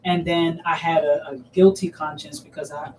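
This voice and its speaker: A woman telling a personal story as a guest, close to tears and halting, with many restarts. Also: sits low, fairly even intonation, darkish tone. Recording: distant mic with faint noise.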